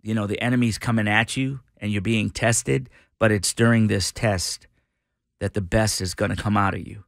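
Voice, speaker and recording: A middle-aged man telling an animated story on a radio show, acting out the voices of the people in it. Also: lowish voice, normal speed, creaky, no echo, clean studio sound. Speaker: radio host guest. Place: radio studio.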